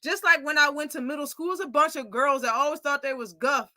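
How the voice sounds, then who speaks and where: A young adult woman hosting a casual live commentary show, opinionated and animated, acting out quoted lines as she tells them. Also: high voice, fast, no room sound. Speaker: host.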